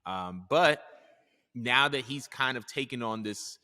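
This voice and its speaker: A man's voice: mid-range voice, lively intonation, slow pace, pushed and bright, in a large hall. A man co-hosting a podcast in casual chat, steering the show and reading out the news items. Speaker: podcast co-host.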